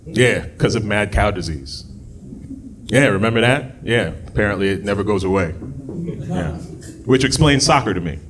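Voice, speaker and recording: A man doing a stand-up comedy set on a club stage, jumping from low muttered asides to loud, high shouted bits. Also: animated, moderate pace, pauses often, background noise. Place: comedy club stage before a live audience. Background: audience laughter.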